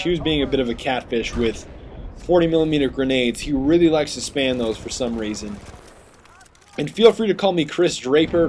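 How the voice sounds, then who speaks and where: A man giving chatty, rambling gameplay commentary, getting sidetracked and excitable over his kills. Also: fairly high pitch, a little hiss or hum. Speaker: gaming commentator.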